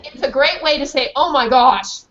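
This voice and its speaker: A woman's voice: high voice, moderate pace, fairly bright tone, a faint crowd. A woman reading a storybook aloud to a class of children, acting out the characters' voices with animation. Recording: dull lo-fi call audio with faint hiss.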